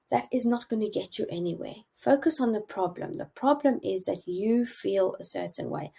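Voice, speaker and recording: A woman's voice: medium pitch, lively intonation, normal speed, vocal fry, warm tone, husky, low-quality recording. A woman teaching a masterclass on relationships, giving earnest advice with frequent hesitations. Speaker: relationship coach presenting a masterclass. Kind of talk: instructional talk.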